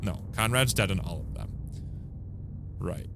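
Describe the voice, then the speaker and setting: Low-pitched with lively intonation and some vocal fry, this man runs a game livestream from a home room and chats casually with viewers, cursing angrily at faulty gear as his energy shifts quickly. Background noise is present, and his audio sounds distant, glitchy and robotic from a distorted mic.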